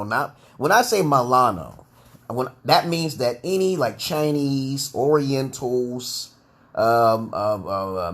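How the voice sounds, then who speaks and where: A man's voice: mid-range voice, a bit bright. A man with a New York accent hosting a rambling live monologue for his online group, tagging "okay?" onto his points and restarting sentences often. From Brooklyn, New York, USA.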